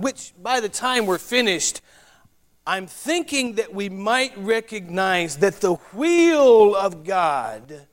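High-voiced Southern preacher. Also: male voice, a bit bright. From North Carolina. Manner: folksy, chatty preaching with asides and spelled-out words. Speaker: pastor. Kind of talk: sermon.

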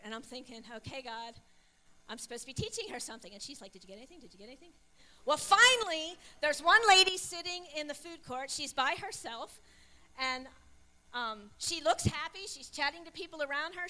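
Pastor's wife giving a sermon, high and sharp-voiced, animated storyteller. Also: female voice. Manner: animated, storytelling with acted-out dialogue. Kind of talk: sermon with personal stories.

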